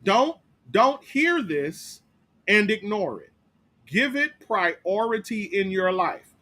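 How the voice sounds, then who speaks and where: Male pastor, higher than usual voice, teaching Bible study in church, emphatic, repetitive, checks in with "right?". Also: big pitch swings, slow, sharp tone.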